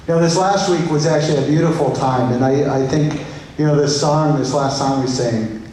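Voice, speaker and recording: A man speaking as a pastor at a memorial service, gentle and halting, restarting his phrases often. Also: mid-range voice, slight background noise. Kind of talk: memorial eulogy. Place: large church hall. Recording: echoey church hall, voice heard from far off.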